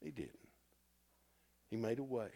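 A man's voice: mid-range voice, unhurried, vocal fry. A man teaching a Bible class in a loose, conversational way, often stopping to quiz his listeners and restarting his sentences. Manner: animated, self-interrupting, asks the class questions.

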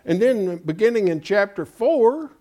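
A man's voice: sits high, lively intonation, unhurried, mellow. A man preaching a Bible-study sermon, emphatic and folksy, often asking his congregation rhetorical questions. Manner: folksy, calls listeners "folks".

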